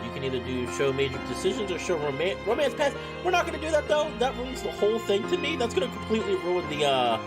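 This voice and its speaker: A man chatting casually as he streams a visual novel, rambling and self-deprecating over game music. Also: a little high. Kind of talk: casual gaming commentary.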